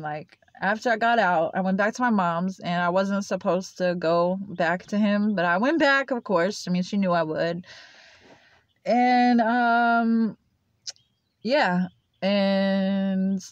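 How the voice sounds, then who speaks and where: A woman's voice: medium pitch, no room sound. Rambling woman, dull dry lo-fi sound. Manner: rambling, full of "like" and "uh" fillers. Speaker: vlogger telling her life story. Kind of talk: casual personal storytelling to camera.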